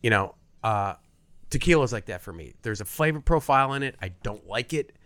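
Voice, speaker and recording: A man's voice: mid-range voice, animated, a little fast, a bit bright. A middle-aged man in casual podcast chat, talking about the liquor he sells and mimicking pushy salespeople.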